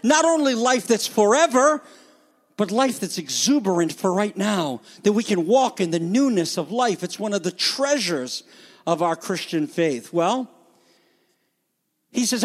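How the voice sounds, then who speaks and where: Animated high-voiced male preacher. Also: a little slow. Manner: animated, jokey, varies loudness for emphasis. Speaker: pastor. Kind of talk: sermon.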